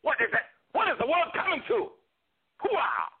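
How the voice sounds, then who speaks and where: A man impersonating an excitable aging male movie star, with a husky voice that erupts into shouted exclamations. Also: lowish voice, brisk. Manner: bursts into sudden shouted exclamations. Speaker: guest impressionist. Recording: tinny phone line.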